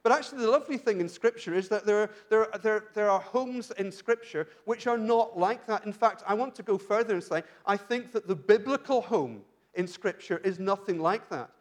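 A man's voice: sits high, brisk. A man from Britain preaching a church sermon, earnest and questioning, often restarting his sentences. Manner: earnest, asks rhetorical questions, frequent restarts. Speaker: pastor.

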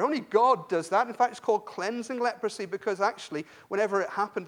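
A man preaching a sermon in a conversational way, often repeating words and adding self-deprecating asides. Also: high voice. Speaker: university lecturer.

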